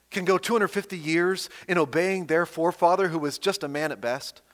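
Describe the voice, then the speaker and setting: High-voiced preacher in an echoing hall. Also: male voice. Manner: animated, emphatic reading of scripture with rising and falling emphasis. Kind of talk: sermon. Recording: long hall reverb.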